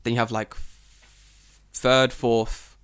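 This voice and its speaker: A man's voice: mid-range voice, level tone, takes it slowly, fairly bright tone, smooth. A man chatting on a podcast with a mid-range voice. He laughs often and swears easily as he acts out people in his stories, with a loose, casual delivery. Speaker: podcast co-host; English teacher in Japan. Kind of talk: casual chat.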